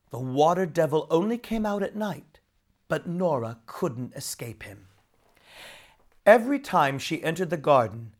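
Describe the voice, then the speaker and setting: Slow, lively storybook reader. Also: medium pitch. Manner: expressive, unhurried story reading. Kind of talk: storybook read-aloud.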